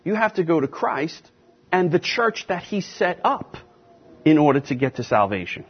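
A man teaches scripture in an emphatic sermon style, leaning hard on key words and slowing down to hammer them home. His voice is husky and sits a little high for a man. The recording sounds dull and lo-fi. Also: very animated. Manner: emphatic, stresses key words with slow deliberate repetition. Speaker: pastor teaching a class.

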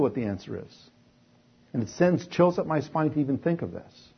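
A man's voice: fairly high pitch, big pitch swings, moderate pace, vocal fry, husky, lo-fi sound. A man from Canada preaching a sermon to his congregation, slipping into sarcastic mock voices and building to emphatic peaks. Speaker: pastor.

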